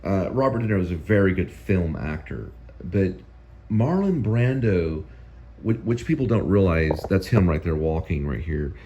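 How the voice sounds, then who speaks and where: A man's voice: sits low, animated, moderate pace, mellow, highs cut off. A male host giving casual, rambling film commentary that often repeats itself.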